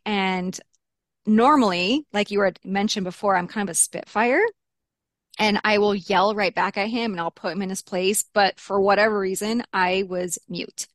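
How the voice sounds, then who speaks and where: A woman in an interview, telling her story candidly and bluntly, acting out the lines she quotes and swearing now and then. Her voice sits at an ordinary middle pitch. The recording is dry, with no room echo. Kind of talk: personal account in an interview.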